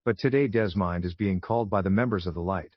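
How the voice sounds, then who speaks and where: A low-voiced man narrates a fan fiction story in a plain, amateur reading, often tripping and restarting. The recording is dull and lo-fi, dry and close, with no room sound. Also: fast talker, dry recording.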